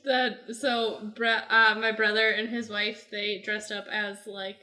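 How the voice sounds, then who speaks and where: A woman's voice: mid-range voice, level tone, unhurried, sharp tone. A young woman guesting on a podcast, teasing the others and telling stories expressively. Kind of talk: casual chat.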